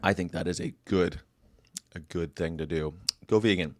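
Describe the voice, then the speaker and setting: A man's voice: sits low, normal speed, a little mellow, no room sound, studio quality. A man hosting a casual daily chat show, rambling through history notes with jokey asides and side remarks to viewers. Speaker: host.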